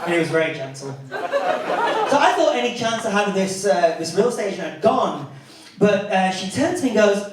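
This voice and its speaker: Northern english comic in an echoey club. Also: male voice, moderate pace, noisy background. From north of England. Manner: animated, jumps into high-pitched character voices for punchlines. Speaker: stand-up comedian. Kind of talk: stand-up comedy set. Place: comedy club. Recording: echoey club from a distance, clear crowd laughter.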